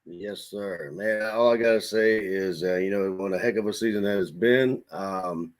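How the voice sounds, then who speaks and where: A low-pitched man from the Washington DC area who co-hosts a sports podcast. He gives earnest, rambling reflections at an easy, casual pace. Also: normal speed. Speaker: podcast co-host.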